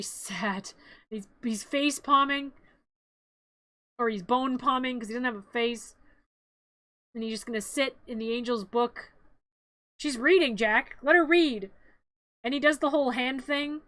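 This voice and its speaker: High, bright woman streamer joking along. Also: no echo. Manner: animated, rambling play-by-play with jokes. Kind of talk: casual live stream retelling of a film.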